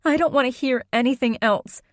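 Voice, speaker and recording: A woman's voice: sits high, a little fast, no room sound, clean studio sound, pitched above the performer's own voice, lightly acted. A woman voicing a young heroine who speaks in a raised, urgent, demanding way. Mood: upset.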